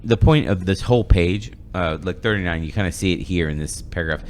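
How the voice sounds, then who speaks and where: A man's voice: low-pitched, fairly quick, hardly any pauses, slight background noise. A man hosting a podcast in casual discussion, rambling with many fillers and restarts. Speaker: podcast host.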